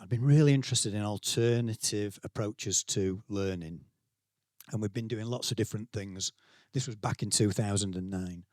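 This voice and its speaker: Brief: middle-aged Yorkshire man at a conference, chatty keynote storyteller, lower voice, dry close sound. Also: a little mellow, no echo. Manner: conversational, self-deprecating, acts out quotes. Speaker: keynote speaker, school leader. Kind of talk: conference talk, anecdotal storytelling. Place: conference venue, speaking to staff.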